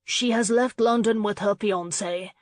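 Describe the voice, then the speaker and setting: A woman voicing a stern, protective man who speaks flatly and threatens. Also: mid-range voice, unhurried, no room sound, studio quality, close to an everyday voice. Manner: flat, expressionless, then threatening. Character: protective stern man, guarding his cousin.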